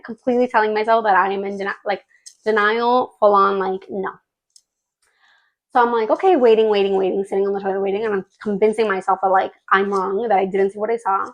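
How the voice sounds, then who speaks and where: A woman in her thirties hosting a podcast, telling a personal story in a chatty, emotional way, with lots of fillers. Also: mid-range voice. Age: 30s. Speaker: podcast host.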